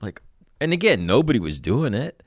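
A man's voice: mid-range voice, sing-song, moderate pace, no echo, studio quality. A middle-aged man, a former Marine, rambling through a profane story in casual conversation, laughing as he goes. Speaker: former Marine officer recounting stories.

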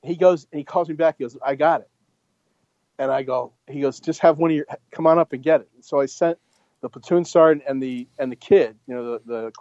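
A man's voice: on the high side, brisk, darkish tone, no echo, lo-fi sound. Blunt, profane man telling a war story. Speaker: former Marine officer telling a story. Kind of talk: casual storytelling.

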